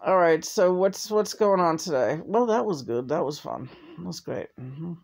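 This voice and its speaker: A woman's voice: low-pitched, expressive, moderate pace, gravelly, a little mellow. A woman vlogger in casual chat, talkative, often laughing and swearing freely.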